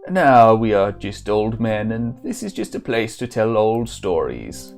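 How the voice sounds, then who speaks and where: A man voicing an aging, nostalgic guildmaster in a point-and-click game, with booming, drawn-out speech. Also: expressive, darkish tone, faint music behind.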